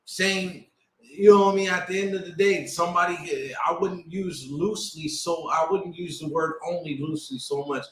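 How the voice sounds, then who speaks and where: High-voiced man asking questions, echoey. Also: moderate pace. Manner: conversational, probing questions. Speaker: podcast co-host. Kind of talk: casual podcast discussion. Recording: echoey room.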